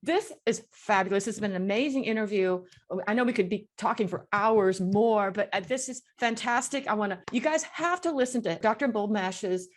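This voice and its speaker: Woman interviewer, effusive, enthusiastic, mid pitch. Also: normal speed. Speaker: interviewer, host.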